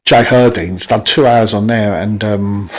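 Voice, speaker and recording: A man's voice: on the low side, a little slow, darkish tone, slight background noise. A middle-aged man telling rambling, sweary stories in a casual podcast chat, full of restarts.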